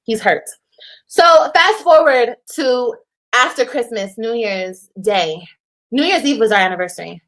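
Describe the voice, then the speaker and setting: A woman telling her side of a breakup on a livestream in an animated, profane way, repeating lines for emphasis. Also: fairly high pitch, a little slow. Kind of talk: casual livestream storytelling.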